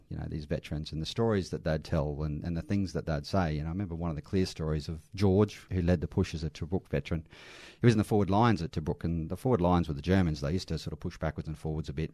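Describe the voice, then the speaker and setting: A man's voice: low voice, dark tone, dry recording, clean studio sound. A middle-aged Australian man, an army veteran working in aged care, telling earnest stories in an interview with restarts. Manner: earnest, anecdotal, with frequent restarts and light laughs. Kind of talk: conversational interview storytelling.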